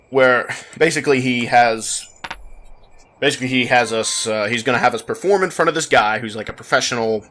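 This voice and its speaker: A man's voice: mid-range voice, sharp tone, a little hiss or hum. A young man chatting casually over gameplay, rambling with frequent laughs and restarts. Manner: rambling, giggly, self-interrupting. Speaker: gameplay commentator. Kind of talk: casual let's play chat.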